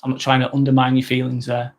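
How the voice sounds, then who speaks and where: A man's voice: medium pitch, monotone, fast talker. An English man hosting a live vlog, reading out chat comments in a casual, rambling way with repeats and fillers. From England. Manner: rambling, repeats himself, frequent ums.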